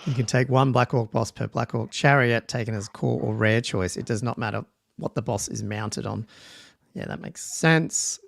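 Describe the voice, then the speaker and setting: A man's voice: medium pitch, normal speed, gravelly, no room sound. A man hosting a livestream podcast, reading out rules and thinking aloud in a loose, casual way with ums and restarts. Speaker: podcast host.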